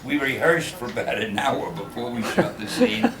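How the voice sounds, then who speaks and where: Older man, wry guest storyteller, lively voice, roomy echo, big crowd noise. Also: medium pitch, normal speed, vocal fry. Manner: wry, self-mocking jokes. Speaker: guest of honor answering fan questions. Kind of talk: humorous Q&A storytelling. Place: convention event room. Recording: echoey room, loud crowd.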